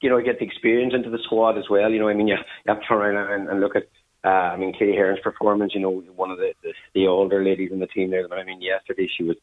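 A man's voice: sits low, level tone, racing. A man, a team manager giving a phone interview, rambling with many fillers. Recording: tinny phone line.

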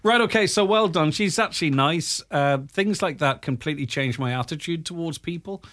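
A man's voice: on the high side, fairly bright tone. A male radio presenter, chatting casually and wryly with a co-host on air. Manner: chatty, wry, quick to laugh.

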